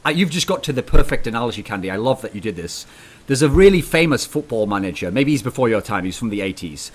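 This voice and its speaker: A man hosting an esports talk show with a mid-pitched voice. He talks in an animated, teasing, mock-dramatic way as he presses his guest. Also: fast talker, breathy edge. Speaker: podcast host.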